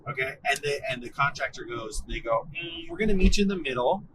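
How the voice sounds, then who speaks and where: A man in his thirties telling a story in casual chat, animated and swearing freely, acting out what his bosses said. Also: mid-range voice, brisk, noisy background. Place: car.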